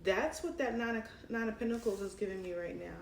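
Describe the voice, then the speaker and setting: A woman's voice: medium pitch, fairly quick, vocal fry, echoey room, distant mic, slight background noise. A woman with a Brooklyn accent, giving a chatty tarot reading into her cell phone with many fillers and laughs. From Brooklyn, New York. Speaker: tarot reader.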